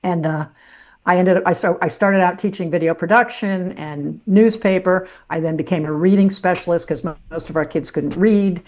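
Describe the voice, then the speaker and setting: An older woman, once a sportscaster and later a teacher, tells her life story as a podcast guest, blunt, salty, and self-mocking in her candid storytelling. Her voice is on the low side with a darkish tone, at normal speed.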